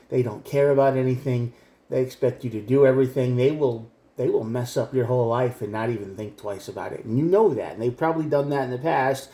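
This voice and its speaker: Blunt, mellow-voiced man reading tarot. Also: medium pitch. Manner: blunt, emphatic, talks straight to the viewer. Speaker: tarot reader. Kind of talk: direct-to-camera tarot reading. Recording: echoey room.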